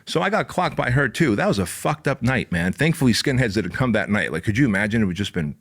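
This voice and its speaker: A man's voice: on the low side, big pitch swings, fast. A man hosting a podcast, telling a story in a casual, emphatic, profane way. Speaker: podcast host. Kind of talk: storytelling monologue.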